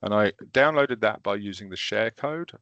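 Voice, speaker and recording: A man leading a recorded training session, walking through teaching software step by step in a casual, self-deprecating way. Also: on the low side, expressive, normal speed, no echo, muffled recording.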